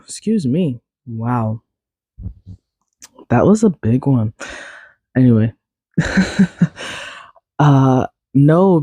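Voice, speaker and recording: A young woman hosting a casual solo podcast, raspy and congested from a cold, rambling along with lots of fillers. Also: very deep voice, dark tone, no room sound, clean studio sound. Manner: rambling, filler-heavy, self-deprecating. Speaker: podcast host.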